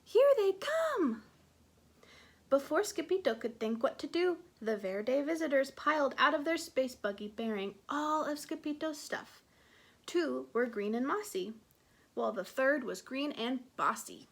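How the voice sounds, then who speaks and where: A woman reads a picture book aloud to children. She is playful and expressive, with a high voice. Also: moderate pace, creaky. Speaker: children's story reader. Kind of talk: read-aloud storytelling.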